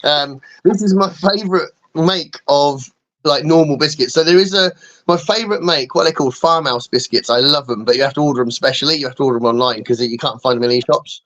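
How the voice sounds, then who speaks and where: Speaking a little fast in a slightly high, bright voice, this middle-aged guest co-host from England chats loosely on a live stream. He wanders off topic, pokes fun at himself, and laughs a lot.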